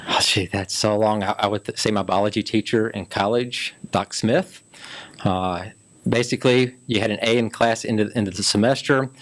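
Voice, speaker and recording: A man's voice: fairly low pitch, fairly even intonation, normal speed. A man in his fifties from Memphis, Tennessee, a city council candidate telling his life story in a folksy, chatty way during an interview. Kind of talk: casual interview chat.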